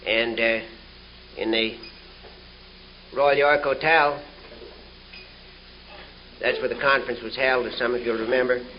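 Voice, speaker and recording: A man's voice: mid-range voice, steady tone, a little slow, long pauses. Joke-telling man on old tape. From Canada. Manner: folksy joke-telling, laughing along. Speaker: recovery meeting speaker. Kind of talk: humorous storytelling talk. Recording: dull 1970 tape with faint hiss.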